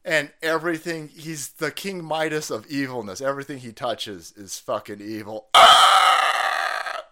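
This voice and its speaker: A man with a mid-range, steady voice that sounds pushed and bright talks at a moderate pace. He hosts a political stream, ranting profanely and laughing often.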